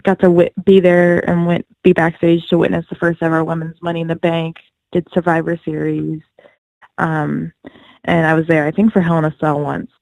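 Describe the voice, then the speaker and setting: A woman's voice: deep voice, flat delivery, normal speed, gravelly, darkish tone, dry recording, poor audio. A woman being interviewed as a guest, chatty and giggly, peppering her talk with "like" and "you know". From United States. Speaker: guest, professional wrestler. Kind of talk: casual phone-in interview.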